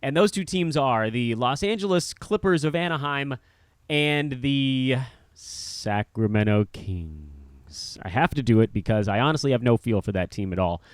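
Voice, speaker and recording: A man co-hosting a casual sports chat, animated and joking at his own expense. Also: medium pitch, brisk, few pauses, dry recording, clean studio sound. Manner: animated, joking, self-mocking. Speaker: co-host.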